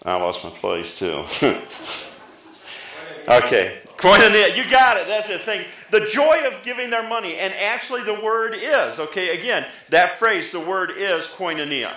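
Lively pastor with a bright voice. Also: male voice, a little slow, roomy sound, poor audio. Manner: lively, pitch jumping up for emphasis, talks back and forth with the congregation. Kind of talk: sermon.

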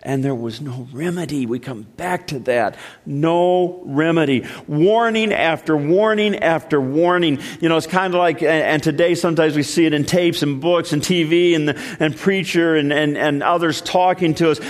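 Male pastor, fairly high voice, emphatic stop-start sermon delivery, church hall with a long echo. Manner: emphatic preaching with many repeated starts, dropping low and slow for weight. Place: church sanctuary. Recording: long reverb of a large hall.

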